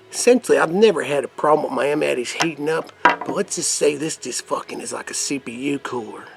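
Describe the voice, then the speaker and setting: Gravelly, foul-mouthed man rambling. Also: mid-range voice. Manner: profane, crude, rambling; put-on rough redneck persona. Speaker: vape mod reviewer. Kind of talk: casual product demo vlog.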